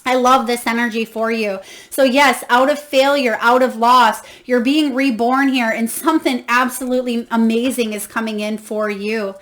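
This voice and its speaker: A woman with a high voice does a tarot reading for her viewers. She is effusive and encouraging, reads guidebook passages aloud, and bursts into emotional exclamations. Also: steady tone, moderate pace, few pauses, a bit bright. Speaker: tarot reader.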